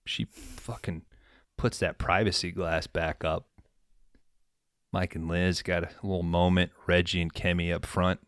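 Low-voiced man recapping, dry close sound. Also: level tone, unhurried, dry recording. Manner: profane, laid-back storytelling. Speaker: podcast host. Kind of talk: casual movie recap chat.

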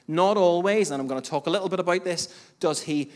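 A male pastor delivers a sermon with fervent, rhythmic emphasis, stacking short repeated phrases and calling out to the congregation. His voice sits a little higher than most men's. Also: quick pace. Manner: emphatic preaching with rising bursts and repetition; addresses the congregation directly as church and folks.

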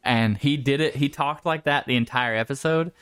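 The voice is a man's, at a mid pitch and heard close and dry. He co-hosts a casual podcast, jumps in quickly and sounds excitable. He peppers his remarks with "dude". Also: clean tone, no echo. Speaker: podcast co-host.

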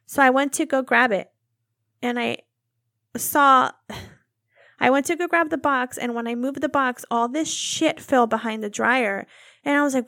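A young woman telling a long, animated story about a domestic squabble, acting out both sides of the argument. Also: sits high, measured pace, no room sound, clean studio sound. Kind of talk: casual storytelling chat.

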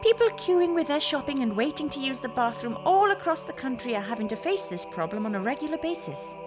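A woman's voice: sits high, sing-song, fast talker, music in the background. A woman doing a solemn charity appeal announcer. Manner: solemn, mock-serious. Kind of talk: parody charity ad.

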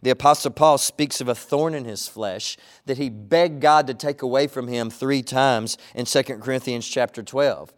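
A man preaching a sermon as a pastor, earnest, with a repetitive cadence and slow, emphatic pauses. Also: mid-range voice. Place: church online broadcast.

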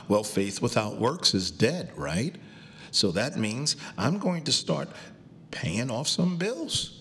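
A man preaching a sermon as pastor. He calls out to the congregation, swings up to loud cries and drops down to near whispers. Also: medium pitch, very animated, slow pace, a little hiss or hum. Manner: preaching with call and response, rising to shouts and dropping to whispers.

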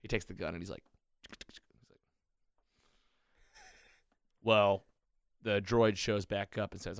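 A man with a fairly low voice recaps a show in casual podcast chat. He tells it eagerly, dropping into quick bits of the characters' lines. The sound is dry and close. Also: no echo. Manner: excited retelling with acted-out quotes. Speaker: podcast host.

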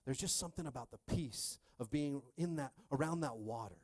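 A man preaching a sermon as pastor, telling a personal story animatedly, swinging between hushed and loud, and checking in with the crowd again and again. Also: mid-range voice, animated, fairly quick, no echo, clean studio sound.

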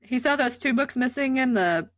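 A woman co-hosting a podcast in casual chat, excitable and swearing freely. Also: high-pitched, normal speed, no room sound. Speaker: podcast co-host. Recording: muffled dry lo-fi mic.

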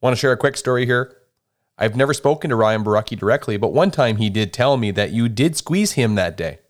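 A man's voice: mid-range voice, lively intonation, brisk. A man hosting a sports podcast, asking questions and adding short friendly remarks in a casual interview. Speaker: podcast host.

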